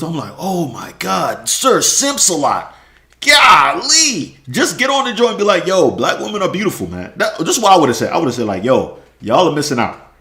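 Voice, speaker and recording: A man on a casual stream rant, heavy on slang and repeated phrases and breaking into laughs. His voice sits fairly high and swings widely in pitch. The sound carries a roomy echo. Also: big pitch swings, brisk, pushed and bright. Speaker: streamer ranting.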